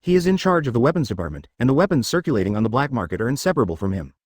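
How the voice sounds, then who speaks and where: A brooding billionaire inventor hero from a storybook, read out by a man. He talks in a grave, confiding way with lively swings in pitch. The sound is dry and close. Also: racing, no room sound.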